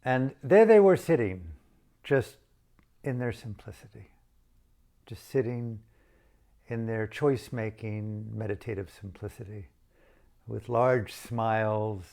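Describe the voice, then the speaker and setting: Low gravelly guy telling a memory, reflective, pokes fun at himself. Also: slow pace, long pauses, warm tone. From United States. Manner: reflective, self-mocking, shifting emphasis. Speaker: storyteller and author. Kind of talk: personal spoken storytelling.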